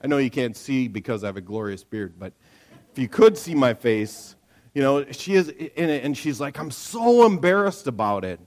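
A middle-aged man preaching to his church in a loose, conversational way. He tells everyday stories, acts out the voices of the people in them, and keeps checking in with the room with a quick "right?". His voice sits at an ordinary middle pitch. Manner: animated storyteller, acts out quotes, frequent "right?"; lively conversational sermon delivery. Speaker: pastor. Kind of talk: sermon.

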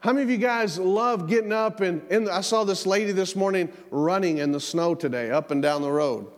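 Here a middle-aged man preaches in a church, chatty in manner, repeating himself and recounting family anecdotes. He is a pastor with a high voice and a slightly quick delivery, captured with the lengthy reverb of a church hall.

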